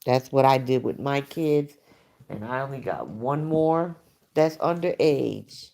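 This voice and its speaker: Speaking slowly in an extremely low, warm voice with vocal fry, a middle-aged woman hosts a late-night livestream with animated energy. She's blunt and chatty with her viewers, reacts to what they comment, and frequently says "you know."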